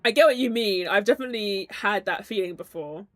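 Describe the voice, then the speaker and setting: A woman's voice: mid-range voice, fairly quick, no echo. A woman streamer reading game text aloud and chatting with viewers in a rambling way, with lots of "like". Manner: chatty, peppered with "like", giggly asides.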